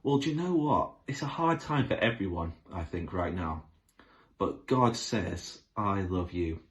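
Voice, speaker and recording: Animated kids' teacher. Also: male voice, lowish voice, unhurried, rough recording. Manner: enthusiastic, asks the children questions. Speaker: children's Bible lesson leader. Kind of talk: children's Bible lesson.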